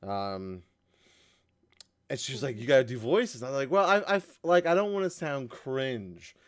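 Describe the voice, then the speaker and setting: A man co-hosting a casual gaming podcast, animated and laughing, often tripping over his words. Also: mid-range voice, normal speed, clear, resonant tone. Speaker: podcast co-host. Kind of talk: casual chat.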